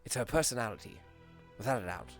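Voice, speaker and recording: A man streaming a roleplay game, joking crudely and loudly in casual banter with a hoarse voice. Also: medium pitch, expressive, quick pace, faint music behind.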